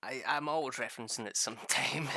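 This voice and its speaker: A man's voice: a little high, very animated, moderate pace, background noise. A young man rambling through a casual gameplay chat, swearing freely and laughing at his own stories. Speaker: gaming streamer.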